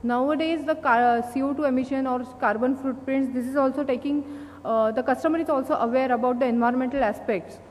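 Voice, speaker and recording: A woman with an Indian English accent giving a conference presentation, halting often with fillers and restarts. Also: high-pitched, fairly even intonation, darkish tone. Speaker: company speaker at an industry event. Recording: long hall reverb, faint noise.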